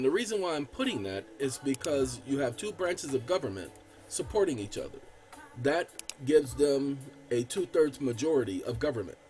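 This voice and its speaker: A man's voice: a little high, darkish tone. A man hosting his own channel, casually explaining a legal document to viewers as he edits it on screen. He talks emphatically, calls his audience y'all, reads legal text aloud with stress on key words, and often stammers and restarts. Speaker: channel host.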